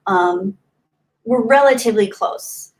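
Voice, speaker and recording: Reading viewer comments aloud on her casual livestream, this host chats and laughs in a mid-range voice, taking her time as she speaks. She's broadcasting from home in Southern California.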